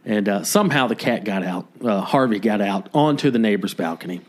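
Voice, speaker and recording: A man's voice: lowish voice, brisk. A man co-hosting a comedy podcast, telling a long story in casual chat and acting out the people in it. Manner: animated storyteller who acts out quotes. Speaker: podcast co-host.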